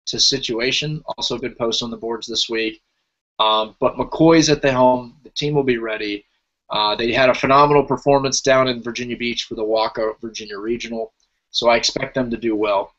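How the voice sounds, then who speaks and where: A man's voice: mid-range voice, a bit bright. Man, podcast host, casual, chatty, team-list announcer, muffled lo-fi sound. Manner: rattles off team lists, chatty.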